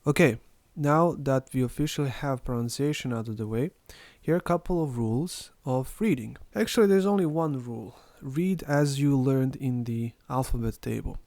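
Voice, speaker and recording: A man's voice: medium pitch, darkish tone, dry recording. Man, language teacher, careful word-by-word delivery, dry close sound. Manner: slow, careful modeling of words for repetition. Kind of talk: recorded language lesson.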